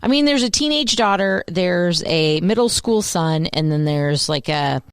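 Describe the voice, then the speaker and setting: A woman's voice: fairly low pitch, animated, a little slow, smooth, no room sound, studio quality. A woman co-hosting a podcast, chatting casually and with animation. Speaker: podcast co-host. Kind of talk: casual chat.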